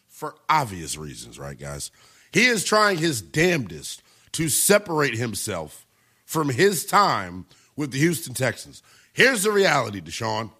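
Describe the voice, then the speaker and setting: A man's voice: fairly high pitch, bright, forceful tone. A man hosting a sports talk radio show, giving brash, emphatic opinions and taking calls.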